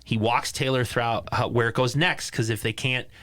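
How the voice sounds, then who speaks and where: A man co-hosting a casual movie podcast, retelling scenes with lively acted-out lines. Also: mid-range voice, normal speed. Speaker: podcast co-host.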